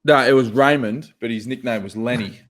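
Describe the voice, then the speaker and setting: A man's voice: medium pitch, brisk. A man co-hosting a podcast in loose, easy chat. He is laid-back, calls people mate and swears freely. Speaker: podcast co-host. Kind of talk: casual chat.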